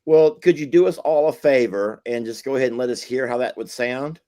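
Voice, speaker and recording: A man's voice: mid-range voice, brisk, dark tone. A man hosting a casual live chat with callers, teasing them in a folksy way and laughing easily. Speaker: host.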